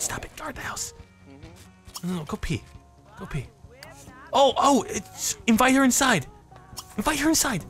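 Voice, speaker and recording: A man hosting a let's play video, excitable and joking, swearing freely and jumping between muttering and yelping. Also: medium pitch. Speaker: gaming channel host. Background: game music.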